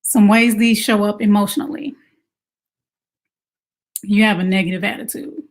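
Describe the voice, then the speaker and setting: A woman coaching mothers in a casual advice talk, conversational and animated, asking rhetorical questions. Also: medium pitch, normal speed. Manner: animated, acts out quoted moms in exaggerated voices. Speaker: self-care coach for mothers.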